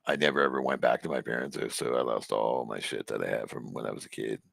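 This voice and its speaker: A man with a gravelly voice chatting bluntly and swearing casually. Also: very deep voice, fairly even intonation, fast, fairly bright tone, no room sound. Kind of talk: casual chat.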